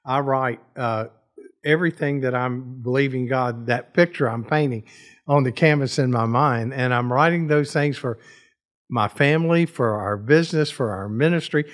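A male guest author talking in an earnest, reflective way. He speaks steadily with occasional pauses and fillers. His voice sits in an ordinary middle pitch. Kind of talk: casual chat.

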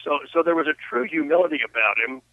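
The speaker is an older man and author, interviewed by phone, who tells reflective stories full of restarts. He talks fast in a fairly high voice, and the tinny phone line carries no echo.

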